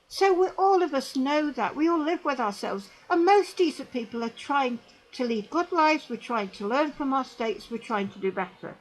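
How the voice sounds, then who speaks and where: Brief: an emphatic woman delivering a religious commentary straight to camera, high and lively pitch. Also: normal speed, rough recording. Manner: emphatic, repetitive, tag questions to the viewer.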